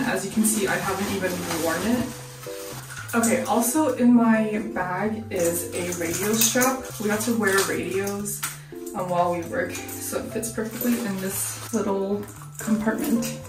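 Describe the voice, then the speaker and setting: A woman's voice: mid-range voice, roomy sound, far from the mic. A woman in her twenties talking casually to camera in a candid, chatty and slightly anxious way. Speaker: vlogger. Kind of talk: casual vlog talk to camera. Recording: music playing underneath.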